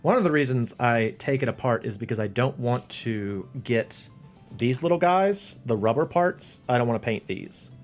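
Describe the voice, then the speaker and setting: With an expressive, mid-range voice at a moderate pace, a livestream host chats to viewers as he paints a model. He rambles, thinks aloud and chuckles to himself over faint background music.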